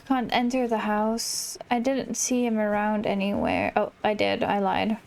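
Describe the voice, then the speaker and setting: A woman's voice: mid-range voice, expressive, measured pace, creaky, a little mellow. A young woman hosting a gaming channel, chatting casually and muttering self-mocking asides while playing. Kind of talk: casual gameplay commentary.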